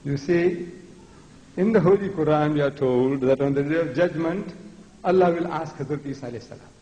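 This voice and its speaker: A man's voice: a little fast, mellow, muffled recording. Fiery older man preaching in echoey hall. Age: 70s. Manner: fiery, emphatic, militant preaching tone; mocks other speakers with a high, weak voice. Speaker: lecturer. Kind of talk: public lecture on religion. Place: large lecture hall before an audience.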